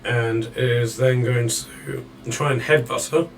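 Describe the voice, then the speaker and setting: A man running a tabletop game as dungeon master, calling out the action in a measured play-by-play. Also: mid-range voice, fairly even intonation, vocal fry, distant mic, a little hiss or hum, low-quality recording.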